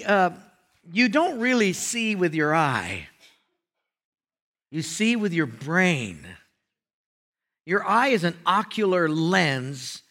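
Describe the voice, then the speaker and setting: A man's voice: high voice, sharp tone. A man preaching a sermon as a guest pastor, folksy and joking.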